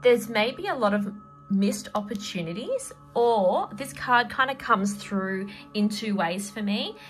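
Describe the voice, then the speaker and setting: A woman's voice: medium pitch, animated, unhurried, faint music behind. A middle-aged woman, a tarot reader and energy healer, talking casually and rambling with lots of fillers. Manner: chatty, rambling, with many fillers and laughs. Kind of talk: casual spoken tarot reading.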